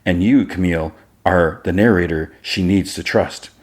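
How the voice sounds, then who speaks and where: A man reading out a calm, controlling computer. It speaks in an even, clinical way. The voice stays low and close to the reader's own. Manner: measured, clinical.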